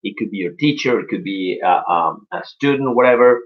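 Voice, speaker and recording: A man's voice: fairly low pitch, expressive, a little fast, muffled recording. Upbeat man teaching English. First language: Spanish. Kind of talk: live-streamed English lesson.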